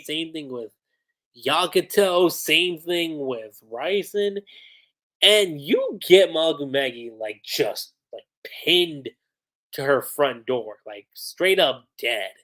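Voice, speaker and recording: A livestream host recapping manga chapters in a casual, excited way, chatty with frequent laughs and lots of "like" fillers. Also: mid-range voice.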